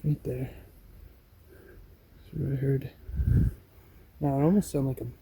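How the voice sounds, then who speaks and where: A young man out in the forest at night with his father, reacting excitedly to sounds around them. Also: mid-range voice, slow pace, vocal fry. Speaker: host's son. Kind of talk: casual outdoor chat. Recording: hissy outdoor recorder.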